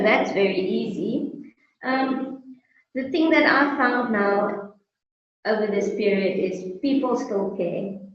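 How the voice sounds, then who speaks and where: A South African woman talking as a guest business owner in a friendly, casual interview, laughing often. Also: fairly high pitch. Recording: echoey, distant, muffled sound.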